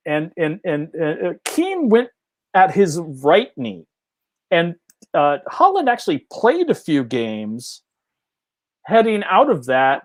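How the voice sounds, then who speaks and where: A man co-hosting a casual sports fan show, telling a story with lively swings in his voice. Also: a little high. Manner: animated storyteller, drawn-out phrasing. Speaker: co-host. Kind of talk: casual banter among friends.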